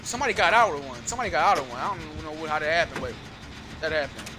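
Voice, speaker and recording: Man, gameplay commentary, higher voice, lively swings of pitch, keeps repeating himself, noisy game sound underneath. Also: racing. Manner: excitable, frustrated, repeats phrases, slangy. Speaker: gaming YouTuber.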